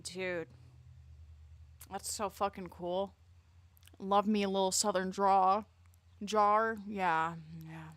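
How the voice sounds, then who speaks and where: A woman's voice: medium pitch, steady tone, takes it slowly, long pauses, fairly bright tone, no echo. A young woman streamer reacting live in crude, jokey, rambling casual talk full of swearing.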